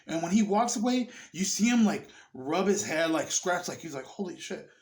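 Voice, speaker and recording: A tipsy man rambling through a casual film review, swearing often and getting excited. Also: high voice, normal speed. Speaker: movie reviewer.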